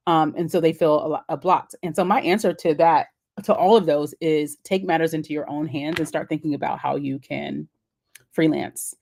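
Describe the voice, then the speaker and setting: Woman, low voice, live-stream host, chatty and encouraging, casual and unscripted. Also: steady tone, normal speed, gravelly, darkish tone. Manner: chatty, encouraging, answers comments on the fly.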